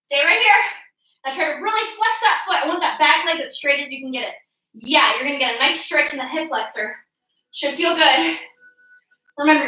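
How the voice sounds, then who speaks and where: An out-of-breath woman leads a workout class with a very high, bright voice, cheering and whooping her class along. She sounds set back from the mic in a very echoey room. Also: far from the mic. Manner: energetic, encouraging, frequent whoops and cheers. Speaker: fitness instructor.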